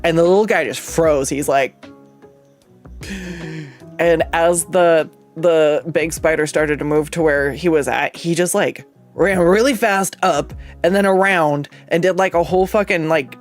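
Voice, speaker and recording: A streamer chats loosely while drawing, rambling through an anecdote with frequent swearing and laughter. The voice sits in a middle pitch. Soft music plays quietly behind. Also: unhurried. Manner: rambling, profane, laughs often. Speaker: artist and streamer. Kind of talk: casual storytelling while drawing.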